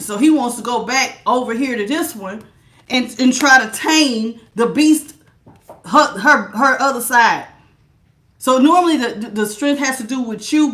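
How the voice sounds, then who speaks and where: Loud, blunt woman tarot reader; high, carrying voice, sassy, laughs often, close on a good mic. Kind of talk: live tarot reading, chatting with viewers. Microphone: good studio mic.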